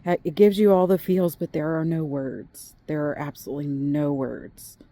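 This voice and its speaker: A woman's voice: deep voice, steady tone, normal speed, dark tone. A woman chatting casually as a book vlogger, rambling and gushing with lots of fillers. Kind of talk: casual chat. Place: outdoors in the snow with a dog.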